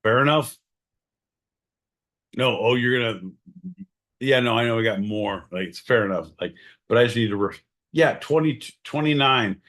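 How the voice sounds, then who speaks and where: A man hosting a podcast, swearing constantly and swinging from shouting to mumbling. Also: medium pitch, normal speed, long pauses. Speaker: podcast host. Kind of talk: crude comedic banter.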